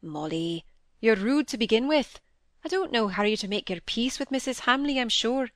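A woman's voice: fairly high pitch, animated, normal speed, fairly bright tone, no room sound. A woman reading aloud, voicing a brusque, dryly teasing middle-aged country doctor. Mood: stern.

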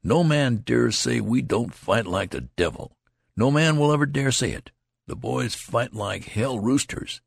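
A glum, worn-out young soldier who drawls his complaints in plain country talk, as a male reader puts him on. The voice is husky and set close to the mic. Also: low-pitched, expressive, measured pace, dry recording, pitched above the performer's own voice, exaggerated voice. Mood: weary. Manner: weary rustic dialect.

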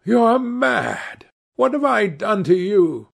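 A man voicing a cornered young gentleman who turns cold and triumphant, his voice raised and strained. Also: fairly high pitch, fairly quick, breathy edge. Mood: panicked.

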